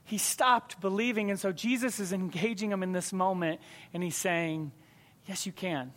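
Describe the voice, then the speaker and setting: A man with a high voice delivers a sermon to his congregation. His preaching is conversational and emphatic, leaning on key words and repeating them for weight. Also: normal speed, a bit bright.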